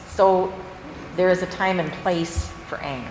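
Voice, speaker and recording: Low-voiced woman in a booming echoey hall. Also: a little slow. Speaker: book group participant. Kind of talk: casual group discussion. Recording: very echoey hall with background noise.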